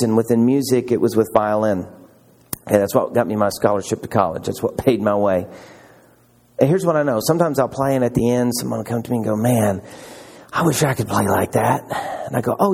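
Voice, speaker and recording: A male pastor delivers a sermon in a slightly husky voice. He preaches with energy, slipping into the voices of the people he quotes. He laughs easily as he speaks. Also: medium pitch. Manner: animated, acts out quoted voices, laughs often.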